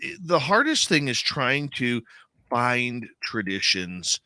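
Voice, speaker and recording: A man hosting a radio show talks in a loose, heartfelt way, often tossing in "man". His voice is very bright and forward. The sound is dry and close, with no room around it. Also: mid-range voice, very animated, takes it slowly, dry recording. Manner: conversational, heartfelt, says "man" a lot. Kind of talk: casual radio chat.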